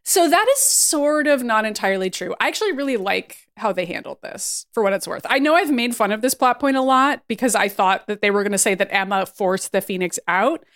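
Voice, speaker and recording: A woman's voice: mid-range voice, lively intonation, fairly quick, hardly any pauses, a bit bright, no echo, clean studio sound. A woman co-hosting a podcast, chatting casually and joking while she acts out quotes. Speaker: podcast co-host. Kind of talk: casual chat recapping a cartoon.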